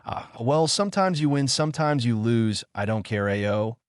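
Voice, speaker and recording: A man's voice: medium pitch, expressive, moderate pace, smooth, dry recording, clean studio sound, natural voice. A man voicing an arrogant, cold male enemy ninja captain who talks dismissively in a read-aloud fan story. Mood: smug. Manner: dismissive, smug.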